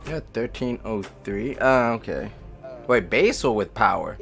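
A man's voice: fairly low pitch, animated, measured pace, vocal fry, fairly bright tone, faint music behind. A man streaming a video game from home, chatting casually with a friend, joking and swearing, and scolding his dog between rounds. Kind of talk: casual gaming chat.

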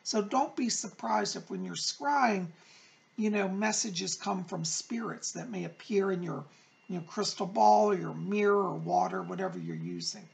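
A middle-aged man hosting a psychic advice show, reading viewer letters aloud and answering them in a gentle, reassuring, chatty way. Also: sits high, expressive, moderate pace, creaky. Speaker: psychic medium host.

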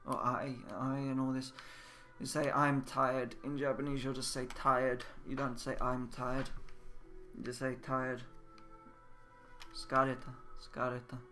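Slow, bright-voiced man teaching words. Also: mid-range voice. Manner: slow, repeats words for learners. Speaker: Japanese language teacher. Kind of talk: casual game-based lesson.

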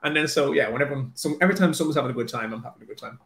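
A man's voice: medium pitch, rapid-fire, a bit bright, roomy sound. An Irish man, an author, chatting casually and nervously with lots of fillers and restarts. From Ireland. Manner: self-deprecating, nervous, many filler likes and restarts. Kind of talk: casual chat, then reading aloud.

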